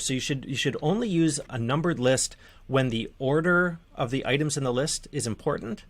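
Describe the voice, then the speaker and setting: A man teaching manuscript formatting in a relaxed, conversational screen-share tutorial, with fillers and restarts. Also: on the high side, brisk.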